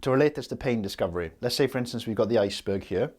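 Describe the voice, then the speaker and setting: A man's voice: medium pitch, expressive, racing, darkish tone, husky. A man coaching on sales in a casual teaching style, talking directly and checking in often with "okay?" and "right?".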